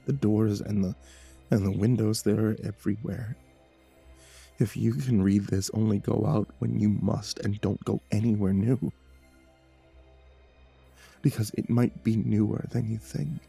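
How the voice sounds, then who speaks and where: Low, mellow-voiced male horror narrator. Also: fairly even intonation, creaky, slightly rough. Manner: measured and dramatic, with nervous stammered repeats. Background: faint background music.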